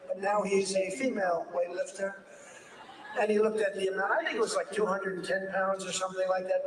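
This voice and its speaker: An older man giving an off-the-cuff political speech, rambling and repeating himself as he digresses. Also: sits high. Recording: distant echoey room with background noise.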